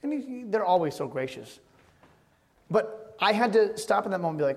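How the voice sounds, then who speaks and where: A man preaching a sermon as pastor, telling stories in a conversational way and often dropping to a quiet voice. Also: sits high, lively intonation, fairly quick. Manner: conversational storytelling with sudden drops to quiet. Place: church sanctuary. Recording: long hall reverb.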